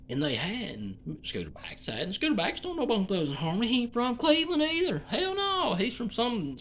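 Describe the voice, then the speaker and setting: A man from Alabama with a Southern drawl rambles through a comedic monologue, folksy and cussing freely. His voice sits high and leaps all over the place. A faint hiss runs under the recording. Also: a bit bright. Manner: folksy, profane, meandering.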